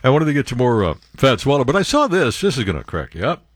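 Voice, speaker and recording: Animated talk radio host, man. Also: mid-range voice, fast, no echo, studio quality. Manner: animated storyteller, laughs often, restarts. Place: radio studio. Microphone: studio microphone.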